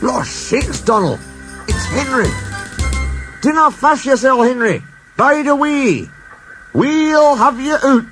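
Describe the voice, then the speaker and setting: A man's voice: extremely high pitch, big pitch swings, slow, pauses often, fairly bright tone, pitched above the performer's own voice, heavily acted. A man voicing two gloomy, stubborn Scottish engine twins, talking in a broad Scottish dialect with a raised voice. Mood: urgent. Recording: music underneath.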